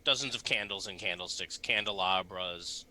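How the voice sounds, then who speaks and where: A man's voice: sits low, moderate pace, pushed and bright. A man narrating a tabletop game as game master, describing scenes with hesitant fillers.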